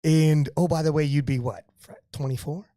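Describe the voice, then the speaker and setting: Excitable man hosting a podcast. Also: on the high side, moderate pace, no echo, studio quality. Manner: excited, rambling hype with repeated words. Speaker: podcast host. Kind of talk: live podcast interview.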